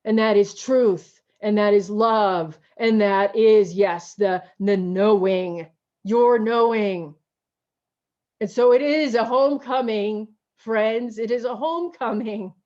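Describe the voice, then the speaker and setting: A woman pastor preaching a slow, emotional, repetitive sermon over a video call. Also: mid-range voice, darkish tone, lo-fi sound. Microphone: video call mic.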